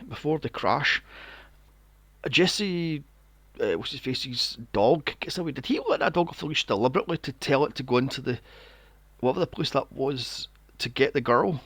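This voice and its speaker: Guy ranting about a movie, swears a lot, gravelly, bouncy pitch, dry mic. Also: dry recording. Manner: animated, sweary, acts out characters in mocking voices. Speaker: podcast co-host. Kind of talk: casual film review chat.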